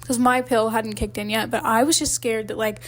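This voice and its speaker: Young woman, podcast co-host, rambling casual storytelling, lots of fillers, a bit high-pitched. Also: steady tone, brisk, a little hiss or hum. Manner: rambling storyteller, filler-heavy, often laughing. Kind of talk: casual chat.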